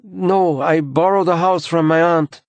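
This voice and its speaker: A man's voice: fairly high pitch, steady tone, measured pace, dry recording, voice pushed up. A man voicing a frightened young woman. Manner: soft, timid replies.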